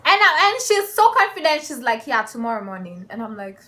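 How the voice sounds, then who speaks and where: Bright-voiced woman telling a story. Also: a little high, a little fast. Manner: animated, breaks into laughter, acts out voices. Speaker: vlogger. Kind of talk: casual storytime.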